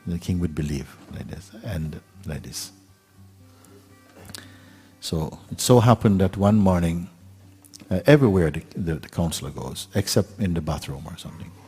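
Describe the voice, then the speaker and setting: Deep, husky-voiced spiritual storyteller, a man. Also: expressive, soft background music. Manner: unhurried, gentle, with pauses and fillers. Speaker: spiritual teacher.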